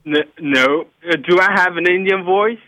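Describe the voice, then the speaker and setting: A man from Liberia, calling in to a radio show and answering in a hesitant, halting, easygoing way. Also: high voice, bright, forceful tone, no room sound, poor audio. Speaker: caller. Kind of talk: call-in radio chat.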